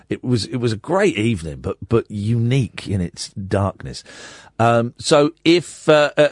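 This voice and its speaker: A man's voice: sits low, darkish tone, breathy edge, dry recording, clean studio sound. A man hosting a late-night radio talk show, rambling through announcements with plenty of fillers. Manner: rambling, full of fillers and restarts. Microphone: studio mic.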